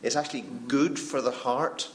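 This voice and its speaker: A man moderating a panel discussion, reflective and earnest, often pausing and restarting. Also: mid-range voice, fairly even intonation, a little hiss or hum.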